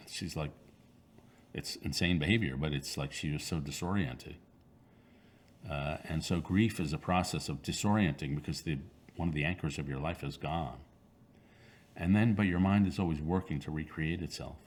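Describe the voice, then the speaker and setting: A man in his sixties, an author answering interview questions in a reflective, halting way with many fillers and restarts. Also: very deep voice.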